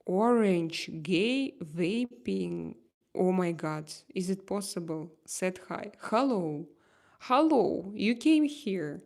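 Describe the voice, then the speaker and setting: Russian lady chatting on a livestream, slow and halting, bit of vocal fry. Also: lowish voice, expressive, darkish tone. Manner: halting, searching for English words, many fillers. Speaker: livestream host. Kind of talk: casual livestream chat reading comments.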